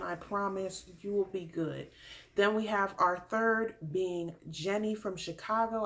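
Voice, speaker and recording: A young woman talking casually to camera as she recaps a dating show. Her voice sits at a middle pitch. She is chatty and quick to laugh, acting out the quotes as she goes. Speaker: vlogger recapping a reality show.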